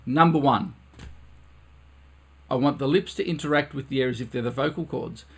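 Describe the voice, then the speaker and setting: A man's voice: medium pitch, normal speed, gravelly, a bit bright, slightly rough. A man teaching a live-streamed brass lesson from his recording studio, earnest, repeating phrases over and over for emphasis.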